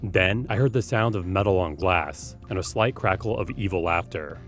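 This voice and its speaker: A man reading scripted horror stories in a steady, measured narration. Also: deep voice, soft background music.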